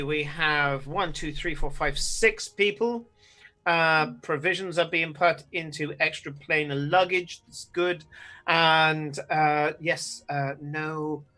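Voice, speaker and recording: A man's voice: a little high, sharp tone, rough recording. A man running a tabletop game as game master, talking hesitantly with many fillers and restarts.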